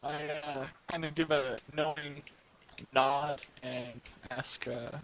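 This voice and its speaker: A man speaking as a player in a tabletop role-play, halting and hesitant. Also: medium pitch, steady tone, fairly bright tone, slight background noise, rough recording.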